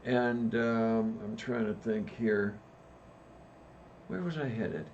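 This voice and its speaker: A man's voice: lowish voice, a little mellow, a little hiss or hum. Easygoing man on a dull, lo-fi line. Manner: easygoing, unhurried, halting explainer. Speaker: podcast co-host. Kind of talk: casual chat.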